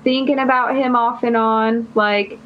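Speaking at a measured pace with a steady tone, this young woman guest has a voice on the high side. She meanders through a long personal anecdote in casual podcast conversation, leaning on "like" constantly, and the audio sounds dull and lo-fi.

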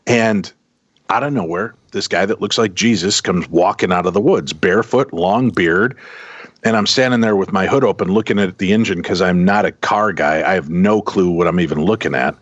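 A middle-aged man tells a long personal story in a casual, animated way, acting out the people he met. His voice sits low. The sound is dry and a little muffled. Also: moderate pace, dry recording. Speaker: podcast guest telling a story. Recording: dull, dry close sound.

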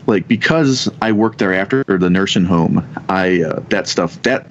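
A man in his thirties telling a ghost story in casual chat, rambling and halting with many restarts and casual swearing. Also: low-pitched, slight background noise. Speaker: podcast guest telling ghost stories. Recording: dull lo-fi sound.

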